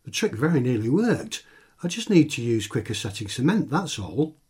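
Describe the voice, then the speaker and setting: A man voicing an eager, accident-prone male circus magician, chirpy and raised in pitch. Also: very animated, moderate pace, breathy edge. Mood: defensive. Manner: chirpy, higher and brighter than the narration.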